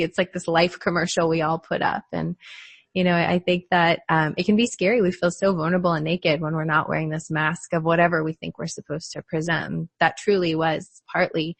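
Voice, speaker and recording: A woman's voice: fairly low pitch, flat delivery, fairly quick, vocal fry, no echo. A woman psychologist talking reflectively in a casual podcast conversation, often laughing lightly. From United States.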